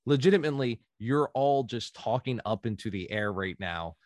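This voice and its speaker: A man's voice: mid-range voice, animated, moderate pace, darkish tone, no echo, clean studio sound. A man narrating as game master in a loose, chatty way, often laughing and correcting himself.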